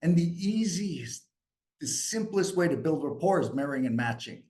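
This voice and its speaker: A man from New York coaching a group live, energetic and asking the group questions. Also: on the high side, moderate pace. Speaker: sales coach.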